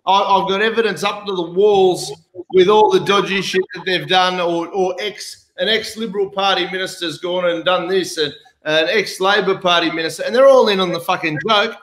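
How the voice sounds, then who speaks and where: Blunt high-voiced Australian man. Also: fairly even intonation, normal speed, fairly bright tone, rough recording. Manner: blunt, heavy swearing, mocking impressions. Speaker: host. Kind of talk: casual political chat.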